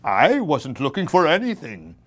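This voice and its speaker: A man voicing a mischievous but timid clacking skeleton in a children's Halloween story, with loud, eager exclamations. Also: fairly high pitch, wildly swooping pitch, normal speed. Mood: scared.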